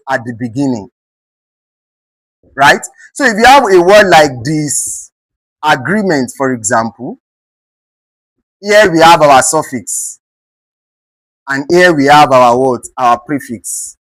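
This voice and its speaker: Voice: mid-range voice, no room sound, poor audio. A teacher with a Nigerian accent giving an exam-prep English lesson, often asking "what?" and answering the question, and spelling words out letter by letter. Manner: keeps asking the class "what?" and then answering it; spells words out letter by letter and repeats them slowly.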